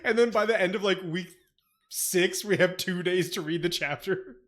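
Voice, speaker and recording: A young man with a slightly higher voice co-hosts a casual book podcast. He jokes in a mock-solemn, theatrical way and laughs often. He slows down and steadies when he reads plot summaries. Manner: reads synopsis in a quieter, steadier voice. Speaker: podcast co-host.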